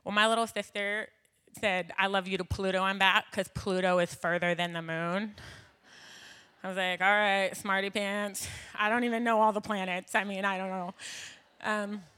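A woman's voice: mid-range voice, steady tone, normal speed, a bit bright, clear, resonant tone. A woman in her thirties giving a heartfelt, conversational testimony to a church gathering, with frequent fillers and an emotional tone. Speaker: church speaker. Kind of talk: personal testimony in a church talk.

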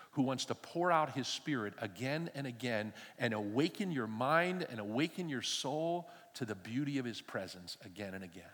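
A man's voice: medium pitch, a bit bright, long reverb tail. An older man preaching a sermon from a church stage. He tells stories animatedly, acts out the dialogue and adds humorous asides. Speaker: pastor.

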